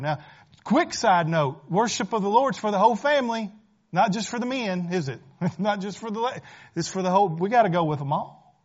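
A man preaching a sermon as pastor, talking conversationally, rising to emphatic points and dropping to hushed ones. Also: high-pitched, big pitch swings, moderate pace, breathy edge, muffled recording.

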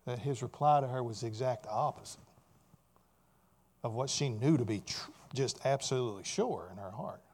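A man's voice: mid-range voice, expressive, moderate pace, darkish tone. A man preaching a sermon as a pastor, often asking his listeners rhetorical questions.

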